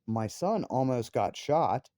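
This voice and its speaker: A man's voice: medium pitch, animated, slow, dark tone, dry recording. A man, a father, angrily ranting about his family with heavy swearing, his voice jumping up into outbursts. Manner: angry, profane, voice rising sharply into outbursts. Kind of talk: heated personal rant.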